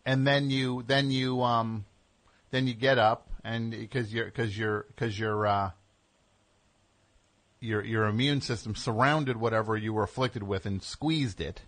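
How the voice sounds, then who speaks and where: A man's voice: mid-range voice, fairly even intonation, unhurried, a bit bright. A man hosting a call-in radio show, teasing and ribbing his caller in casual chat.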